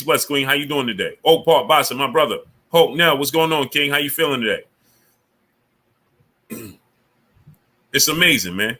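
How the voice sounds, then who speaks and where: A man's voice: mid-range voice, bright, forceful tone. A man hosting a casual live stream, greeting viewers by name and grumbling with indignation about the platform. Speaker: livestream host.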